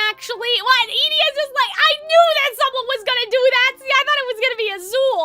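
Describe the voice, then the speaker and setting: A woman's voice: extremely high pitch, fast talker, hardly any pauses, pushed and bright. A woman streaming a story game, chatting casually and giggling, with lots of "like" in her speech. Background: game music.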